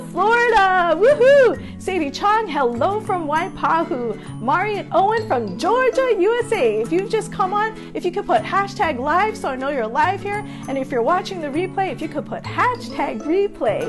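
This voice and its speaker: A woman painting instructor from Hawaii, warmly greeting viewers by name during a live-stream lesson and cheering often. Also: very high-pitched, lively intonation, moderate pace, few pauses, over music.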